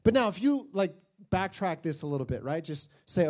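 A man with a high, light voice preaches a lively sermon. He talks casually and jokes as he goes, acting out the people in his stories with comic voices. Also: normal speed. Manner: animated storytelling, acts out silly voices; jokey, conversational preaching.

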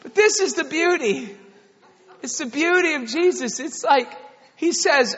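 A man in his thirties preaching a sermon, an animated storyteller who tells a family story and then builds to an impassioned appeal. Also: very high voice, measured pace. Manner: animated storyteller, soft-spoken quoted lines, builds to shouting. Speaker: pastor. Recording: dull sound with long hall reverb.

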